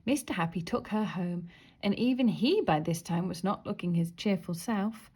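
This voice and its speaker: A woman reading a children's storybook aloud, expressive with soft whispered asides. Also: medium pitch, moderate pace, breathy edge. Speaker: story reader.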